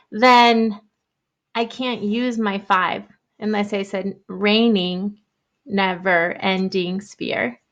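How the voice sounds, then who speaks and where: A young adult woman teacher giving an online writing lesson to young children, thinking aloud in a gentle, encouraging way. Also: mid-range voice.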